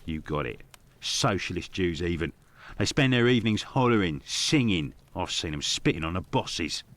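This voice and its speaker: A gossipy, working-class barman for a video game. He speaks bluntly and rough-spoken in a low voice. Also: lively intonation, moderate pace, a bit bright.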